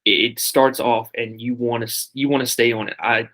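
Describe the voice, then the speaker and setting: A man's voice: medium pitch, fairly even intonation, moderate pace, fairly bright tone. A man co-hosting a casual podcast, describing a ride with enthusiasm. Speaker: podcast co-host.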